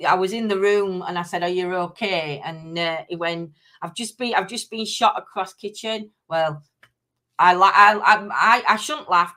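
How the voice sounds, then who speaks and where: A woman's voice: lowish voice, fairly bright tone. A middle-aged woman hosting a casual live-stream chat, rambling with many ums and restarts as she answers viewers. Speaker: livestream host.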